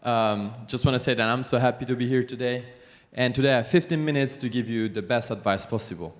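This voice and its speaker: A young man with an Italian accent speaks at mid pitch in an earnest, deliberate way, his English slightly halting. The long reverb of a large hall trails his words. He addresses an audience as a guest coach. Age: young adult. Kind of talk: motivational talk to an audience.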